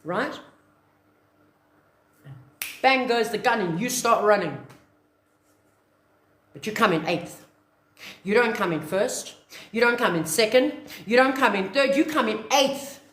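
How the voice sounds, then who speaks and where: A woman giving a motivational talk to camera, her voice lively and swooping. It sits a little high and rings in a roomy echo as she acts out little scenes. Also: measured pace, pauses often. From South Africa. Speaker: online business coach.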